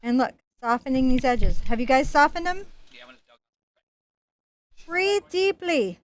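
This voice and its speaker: A woman's voice: high voice, animated, fast talker. A woman giving a painting lesson, chatting playfully and joking as she works. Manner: chatty, playful, jokes and laughs while painting. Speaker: painting instructor.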